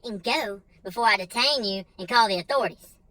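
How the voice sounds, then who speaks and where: A man plays a gruff store security guard barking short orders. His voice is bright and cutting. The sound is close and dry. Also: high voice, brisk, no echo. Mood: bossy. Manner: curt, bossy orders.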